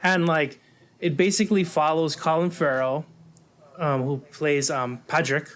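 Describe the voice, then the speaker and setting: A man's voice: on the high side, fairly even intonation, unhurried, fairly bright tone. A man co-hosting a podcast, casually reviewing movies in a rambling way, full of fillers and acted-out quotes. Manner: rambling, lots of "like" and "um", acts out quotes. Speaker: podcast co-host.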